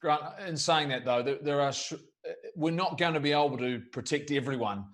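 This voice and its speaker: A man's voice: fairly high pitch, normal speed, a bit bright. A man hosting a sports panel, asking questions in a conversational way. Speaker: sports show panel host.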